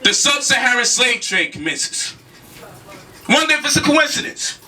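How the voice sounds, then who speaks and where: A man's voice: extremely high pitch, sing-song, normal speed, pushed and bright, far from the mic. A man giving a heated spoken lecture, emphatic, with repeated rhetorical questions and casual slang. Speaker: speaker challenging a debate opponent.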